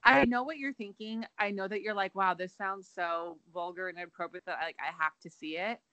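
A woman's voice: medium pitch, a little fast, bright, forceful tone, dull audio. A young woman co-hosting a casual chat podcast, chatty and playful, filling her talk with "like". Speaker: podcast co-host.

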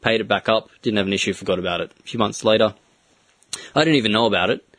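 A man with an Australian accent, co-hosting a casual chat and telling his story in a steady, matter-of-fact way. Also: lowish voice, fast talker, no echo. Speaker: podcast co-host.

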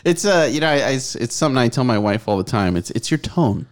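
A man co-hosting a podcast in casual chat, rambling and animated, often acting out other people's voices in his stories. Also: mid-range voice, quick pace. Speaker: podcast co-host.

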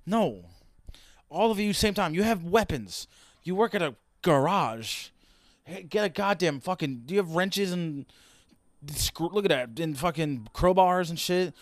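A man's voice: sits high, animated, moderate pace, dry recording, clean studio sound. A young man giving casual reaction commentary, swearing and wisecracking as he rants. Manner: profane, wisecracking, ranting. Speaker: reaction video host.

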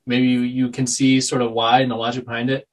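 A man's voice: medium pitch, level tone, fairly quick. A man co-hosting a podcast, thinking aloud in a reflective, casual discussion, a little distant from the mic. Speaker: podcast co-host.

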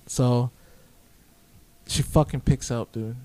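A man's voice: medium pitch, unhurried, mellow. A young man casually telling a long story on a podcast, profane and laid-back, acting out both sides of the conversation. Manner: profane, laid-back, quotes himself a lot. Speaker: podcast guest.

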